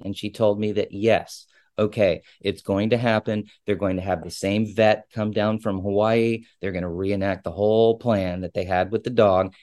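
Lower-voiced man telling a personal story. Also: no echo, clean studio sound. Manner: conversational, digressive, openly emotional. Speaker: ship captain.

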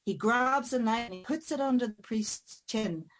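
A woman telling a folk tale dramatically, slowing and speeding for effect. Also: on the high side, low-quality recording. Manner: dramatic, varied pacing. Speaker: storyteller.

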